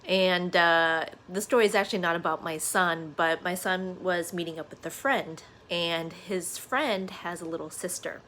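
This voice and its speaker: A woman's voice: fairly low pitch, moderate pace, few pauses, sharp tone. Earnest woman vlogger, faint background hum. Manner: earnest, conversational, many fillers like "uh" and "you know". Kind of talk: casual reflective monologue to camera.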